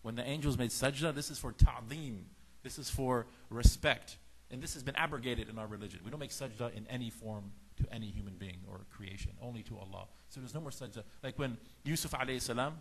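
A man giving a lecture on faith in sermon style, telling stories and acting out the lines of the people in them. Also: medium pitch. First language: Farsi speaker. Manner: animated storytelling, acts out dialogue in shifting voices. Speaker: religious teacher.

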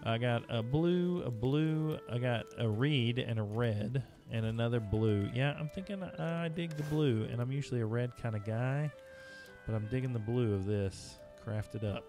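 A man streaming a video game live, rambling casually to his viewers as he plays. His voice sits at an ordinary middle pitch, and music plays clearly behind him. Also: normal speed. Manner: chatty, talking to chat while playing.

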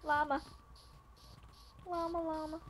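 A chatty young woman with a high voice talks while she plays a game. She is easily distracted and comments on whatever pops up. A faint hiss sits behind her voice. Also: little pitch movement, slow pace. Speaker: gamer. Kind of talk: casual gaming chat.

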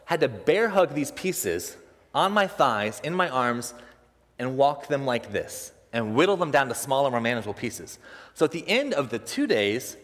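A young man preaching a sermon, telling a personal story in an animated way and acting out the other people's voices, laughing often. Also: medium pitch. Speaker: pastor. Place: church sanctuary. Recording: long reverb of a church hall.

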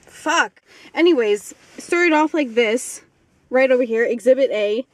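Venting profanely to her handheld camera in a car, this young vlogger sounds exasperated and indignant, cursing without restraint. She speaks at a moderate pace in a high-pitched, darkish voice with no echo.

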